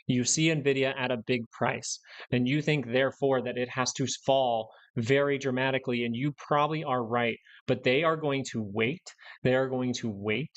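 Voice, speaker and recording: A man's voice: mid-range voice, steady tone, moderate pace, hardly any pauses. Young guy ranting on a live stocks stream, blunt, says stuff over and over. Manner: blunt, ranting, repeats himself for emphasis. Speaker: stock market livestream host. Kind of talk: live market commentary.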